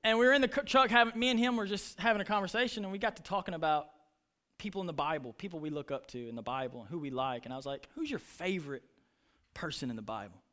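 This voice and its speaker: Quick, bright and forceful, this man's high voice drives an impassioned sermon. As pastor, he retells stories and performs the lines with voices.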